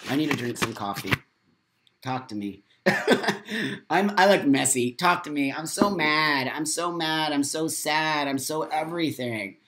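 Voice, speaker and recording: A man's voice: a little high, animated, measured pace, a bit bright, a little hiss or hum. An American man hosting a live morning vlog, reading viewer comments aloud and ranting angrily with lots of swearing and repeated phrases. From United States. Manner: angry, profane ranting.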